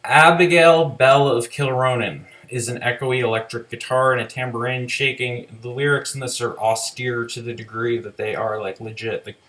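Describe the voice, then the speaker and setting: A man's voice: medium pitch, fairly even intonation, normal speed, few pauses, fairly bright tone. A man giving a casual, rambling spoken review of an album, full of "like" fillers and loose swearing.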